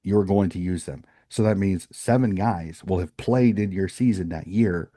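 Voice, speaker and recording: A man's voice: deep voice, moderate pace, dark tone, no room sound, studio quality. A man co-hosting a sports podcast, chatting casually and rambling through opinionated points with frequent restarts. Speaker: podcast co-host.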